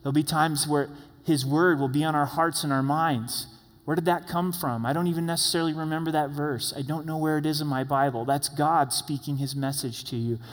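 Male pastor, upper-middle pitch, animated exhortation, long church reverb. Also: fairly quick. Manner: animated, exhorting the congregation directly. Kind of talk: sermon. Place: church sanctuary.

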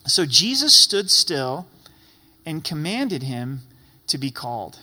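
A man's voice: on the high side, very animated, slow pace, bright, forceful tone. A man preaching a sermon as a pastor, emphatic and repeating phrases for effect. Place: church sanctuary. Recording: long reverb in a large church hall.

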